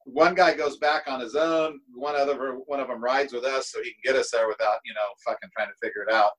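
A man's voice: mid-range voice, steady tone, fast talker, fairly bright tone, low-quality recording. Laid-back middle-aged man spinning tour stories. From United States. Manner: laid-back, rambling, swears freely. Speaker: guest drummer. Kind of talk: casual storytelling.

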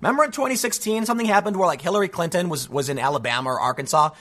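A man giving an animated, sarcastic political commentary, talking casually and sounding a bit stuffy from allergies. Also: high-pitched, very fast. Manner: animated and sarcastic, with frequent mocking voices. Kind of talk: casual opinion monologue.

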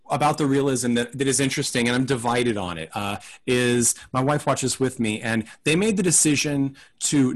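Man, film podcast co-host, casual discussion, thoughtful, rambling, hedging, mid-pitched voice. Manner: acts out mock quotes in silly voices.

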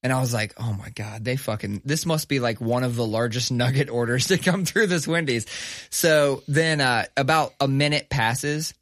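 A man, co-hosting a podcast, telling a story in casual chat, animated and profane, acting out the voices of people in his story. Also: mid-range voice, moderate pace, dry recording, studio quality. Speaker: podcast co-host.

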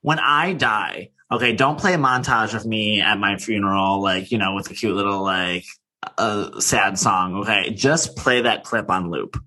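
A man's voice: on the low side, moderate pace, bright, forceful tone. A man co-hosting a podcast in casual chat, gossipy and full of filler words. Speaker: podcast co-host.

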